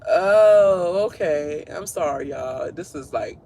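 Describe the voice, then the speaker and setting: A man with a fairly high voice rants through a TV recap in a casual, blunt way. He swears freely and keeps breaking into laughter. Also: expressive, takes it slowly, creaky, warm tone, slight background noise. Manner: blunt and profane, laughs often. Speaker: show recap host. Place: at work.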